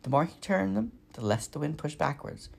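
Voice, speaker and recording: A man reads a children's novel aloud, telling the story expressively. His voice is deeply gravelly and husky, and his pitch rises and falls freely. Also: animated, normal speed. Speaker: reader.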